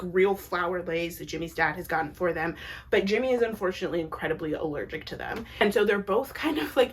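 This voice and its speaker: A young adult woman recapping TV episodes in a casual, chatty way, with lots of "like" and blunt opinionated asides. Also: lowish voice. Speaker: TV recap vlogger.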